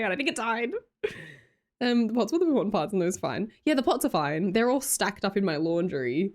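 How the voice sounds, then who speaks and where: A woman's voice: mid-range voice, expressive, a little fast. A young Australian woman chatting casually on a live stream, greeting chatters and laughing often. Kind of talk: casual live-stream chat, reading chat aloud.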